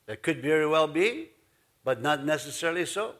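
A man's voice: a little high, animated, normal speed, a bit bright. A man pastor giving a folksy, rambling sermon in his church, full of asides. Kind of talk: conversational sermon.

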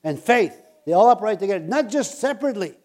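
A man delivers a sermon, reading scripture and then explaining it in a casual, animated way. His voice sits fairly high but sounds soft and mellow. He punctuates points with loud bursts and quick checks with his listeners. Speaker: preacher.

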